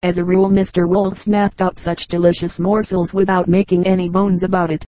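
A woman narrates fables with a measured, steady delivery. Her voice sits low and warm, kept flat in its melody. The sound is dry and close to the mic. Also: no room sound, rough recording. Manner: measured, even reading. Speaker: audiobook narrator. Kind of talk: scripted storybook narration.

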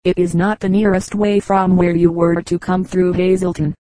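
A woman's voice: on the low side, flat delivery, mellow, no echo, natural voice. Woman reading as a frank, chatty girl. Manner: candid, brisk and chatty. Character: lively, frank young English girl. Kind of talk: audiobook character reading.

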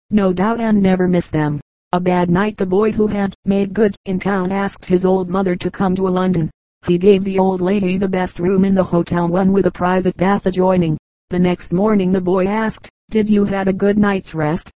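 A woman reading a book of short jokes aloud as an audiobook, in a steady, even reading voice that voices the dialogue lightly. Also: mid-range voice, normal speed, dry recording, poor audio. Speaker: audiobook reader. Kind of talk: audiobook narration.

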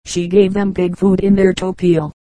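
An audiobook reader, a woman, tells old folk tales in a calm, measured storytelling manner. Her low voice holds steady, mellow and warm without any hurry. The close, dry recording has no room sound and is rough in quality.

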